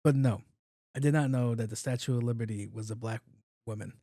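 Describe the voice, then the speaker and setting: A man's voice: mid-range voice, brisk, dark tone, no room sound, clean studio sound. Profane, rambling man in his thirties. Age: 30s. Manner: loose, profane, repeats himself. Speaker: podcast host. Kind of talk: casual solo podcast commentary.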